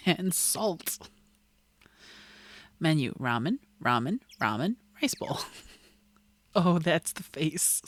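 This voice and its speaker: A woman's voice: deep voice, very animated, very slow, long pauses, no room sound. A young woman casually commenting on a game playthrough, giggling and joking between lines. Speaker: gaming streamer. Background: game music.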